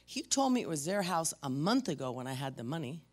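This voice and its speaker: A woman pastor giving a conversational sermon, telling personal stories and sometimes dropping to a hush for effect. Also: deep voice, very animated, fairly quick, soft background music.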